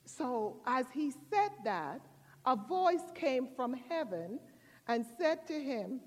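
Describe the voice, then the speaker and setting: Woman pastor, sermon delivery, slow and measured, long church reverb. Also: high-pitched, dull audio. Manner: expressive storytelling with drawn-out emphasis.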